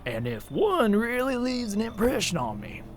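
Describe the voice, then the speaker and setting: An actor voicing a grim, suspicious male vigilante who purges monsters, talking in a gruff, interrogating manner that sometimes drops low and whispery. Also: huge pitch swings, normal speed, faint music behind.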